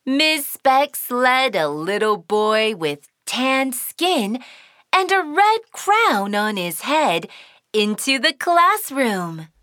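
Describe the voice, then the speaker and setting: A woman narrating a children's cartoon story in a sing-song, expressive way. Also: on the high side, very slow, no room sound, clean studio sound.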